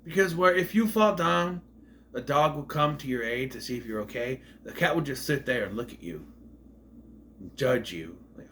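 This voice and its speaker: A man's voice: mid-range voice, expressive, normal speed, bright, forceful tone, slight background noise. A man casually reviewing a movie on video, rambling off on tangents.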